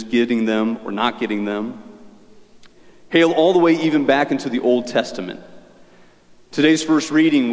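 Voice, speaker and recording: A male preacher retells a story in a relaxed, conversational homily. His voice sits at an ordinary pitch for a man. A long church reverb hangs behind every phrase. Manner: conversational, folksy.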